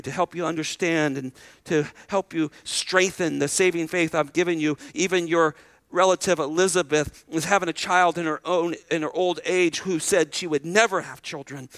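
Bright-voiced, high-pitched pastor preaching. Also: male voice, no room sound. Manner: conversational preaching, rhetorical questions to the congregation; repeats words when starting sentences. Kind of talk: sermon.

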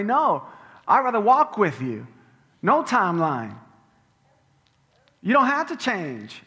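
High-voiced pastor preaching in a reverberant hall. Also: male voice. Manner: emphatic preaching, drops to soft slow tones for quotes. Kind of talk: sermon. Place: church sanctuary. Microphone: head-worn microphone.

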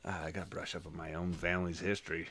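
A male podcast guest answers in a low-key, hesitant way, often trailing off quietly. His voice sits on the low side. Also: little pitch movement, quick pace, slightly rough. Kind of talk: casual comedy chat.

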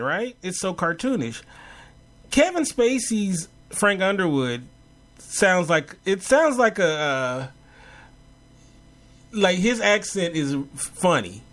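A man co-hosting a casual chat about favorite movies and TV, animated and laughing, with many fillers. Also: high-pitched. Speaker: podcast co-host.

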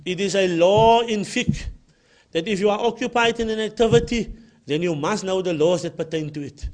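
A man's voice: high voice, normal speed, a little mellow. A man with a Cape Town South African accent giving an emphatic religious lecture and often repeating his key points. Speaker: Islamic lecturer.

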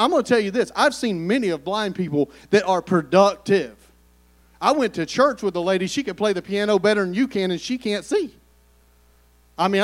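High-voiced preacher. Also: male voice. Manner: conversational, calls on the congregation to respond. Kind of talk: sermon.

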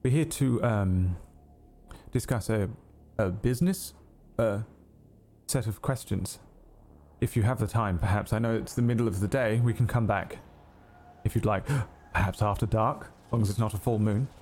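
A man's voice: on the low side, moderate pace, darkish tone, a little hiss or hum. A man voicing his character in a tabletop game, talking in a flustered, rambling, formal way. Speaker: player.

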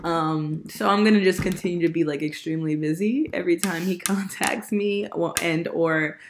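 A young woman telling a story in casual podcast chat, animated, laughing often and swearing freely, a little sick. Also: on the low side, normal speed, slight background noise. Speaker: podcast host.

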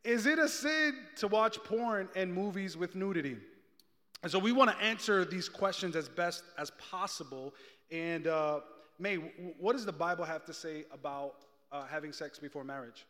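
A man's voice: sits high, lively intonation, moderate pace, sharp tone. Upbeat male church host, echoing hall. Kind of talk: hosting a church Q&A.

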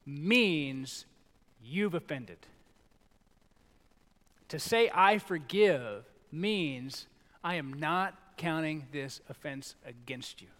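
Middle-aged male pastor, conversational and animated preaching, slightly higher voice, echoing sanctuary reverb. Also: very slow, long pauses. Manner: conversational, animated, acts out quotes. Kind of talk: sermon. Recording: long reverb in a large hall.

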